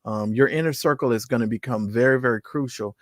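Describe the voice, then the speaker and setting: A man's voice: medium pitch, fast, no room sound, clean studio sound. A man, a guest on a casual talk show, telling stories with mocking impressions and laughter. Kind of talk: casual chat.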